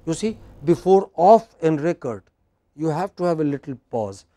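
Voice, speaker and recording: A man with a fairly high voice runs a patient pronunciation drill, modelling words slowly and cueing each answer with short prompts. The sound is dry and close, with no room echo. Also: expressive, warm tone. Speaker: English pronunciation teacher. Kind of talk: classroom drill lesson.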